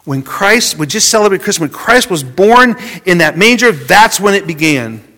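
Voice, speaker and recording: A man preaching a sermon, dropping from loud emphasis to a hushed near-whisper and often repeating words as he goes. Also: high-pitched, animated, moderate pace. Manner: repeats words as he searches for phrasing.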